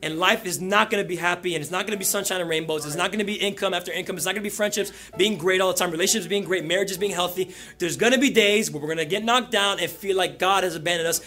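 A male pastor preaching a sermon, telling a story and building to loud emphatic peaks. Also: sits high, quick pace, few pauses, faint music behind.

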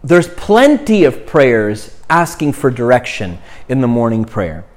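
A man's voice: mid-range voice, very animated, measured pace. A man, a young priest, giving an informal, chatty talk on prayer, often checking in with "right?" and "you know".

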